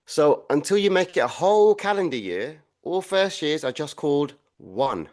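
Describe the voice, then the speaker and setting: A man's voice: fairly high pitch, big pitch swings, normal speed, darkish tone. A man playing a blunt, clueless soldier. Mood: grumpy. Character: dim, grumpy male soldier bunkmate. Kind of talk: audio comedy acting.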